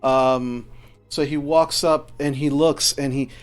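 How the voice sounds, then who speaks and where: A man at a mid pitch narrates a tabletop game as game master. He talks haltingly, full of ums and uhs. Faint music runs under him. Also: fairly even intonation. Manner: halting, many fillers.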